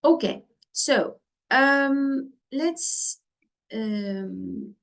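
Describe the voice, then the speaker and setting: A woman's voice: sits high, lively intonation, vocal fry. A woman teaching doctors in an online lesson over a computer mic, repeating her points and checking in with her listeners. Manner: slow, repetitive, checks in with listeners. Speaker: medical exam tutor.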